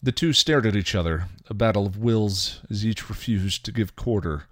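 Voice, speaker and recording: Deep male reader, dry, for steady story narration. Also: moderate pace, no room sound. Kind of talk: reading fan fiction aloud.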